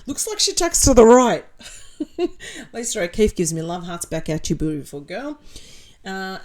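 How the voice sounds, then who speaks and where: A woman's voice: lowish voice, a little mellow. A woman with an Australian accent hosting a casual livestream, reading viewer comments aloud and answering them in a blunt, sarcastic way. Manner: blunt and sarcastic, swears freely.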